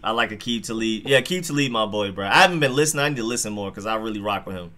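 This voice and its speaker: A man hosting a live football reaction stream, talking straight to his chat in an excitable, slangy way. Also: lowish voice, racing, hardly any pauses, slight background noise.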